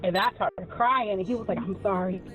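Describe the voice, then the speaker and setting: A woman telling stories in casual chat on a live stream, profane and animated, laughing often. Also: mid-range voice, fairly quick, lo-fi sound. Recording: music playing in background.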